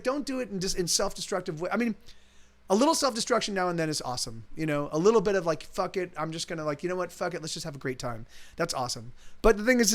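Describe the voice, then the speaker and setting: Between songs on his live music stream, a high-voiced man talks casually and rambles, frequently restarting sentences and swearing freely.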